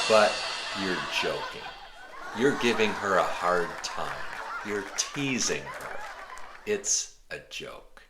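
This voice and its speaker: A man teaching an English lesson slowly and clearly, rephrasing each example in simple words. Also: low voice, sharp tone. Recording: roomy echo.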